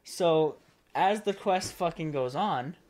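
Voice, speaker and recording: A man co-hosting a podcast in casual chat, animated and profane, retelling stories with bursts of laughter. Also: a little high, slow pace. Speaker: podcast co-host.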